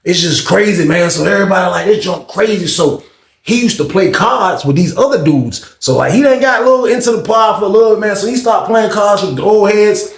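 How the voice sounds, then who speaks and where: A man casually telling a prison story, acting out the people in it with raised, excited voices. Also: sits high, brisk, roomy sound. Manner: animated, acts out quotes in raised voices.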